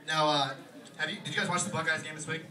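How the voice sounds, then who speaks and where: Fast-talking young man doing stand-up. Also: fairly high pitch, level tone, distant mic. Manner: rapid rambling delivery with fillers. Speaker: stand-up comic. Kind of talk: stand-up comedy set. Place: small pub stage. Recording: echoey bar room, mic from afar, loud crowd.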